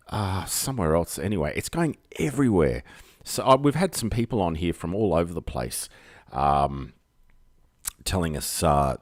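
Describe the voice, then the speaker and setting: A man's voice: deep voice, dry recording, clean studio sound. A man with an Australian accent hosting a rambling live stream from home, talking into a desk microphone in a jokey, self-mocking way full of fillers. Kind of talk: rambling solo livestream chat.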